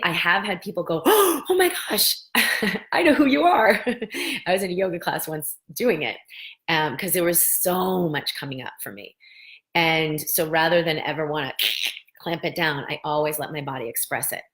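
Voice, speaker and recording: Middle-aged woman with a low voice, gentle host leading a guided lesson, talky and slow on key phrases. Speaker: host, medical practitioner teaching tapping.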